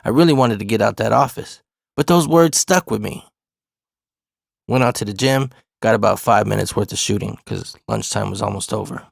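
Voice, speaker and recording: A man in his forties tells a personal story in a loose, swearing, street-talk way. His voice has a gravelly edge. The sound is dry and close, with no room around it. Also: lowish voice, moderate pace, no echo. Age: 40s. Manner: profane, laid-back street talk.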